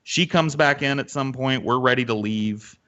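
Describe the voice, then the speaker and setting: A man hosting a podcast, telling a story in a casual, animated and profane way with lots of fillers. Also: mid-range voice, normal speed, highs cut off. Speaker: podcast host.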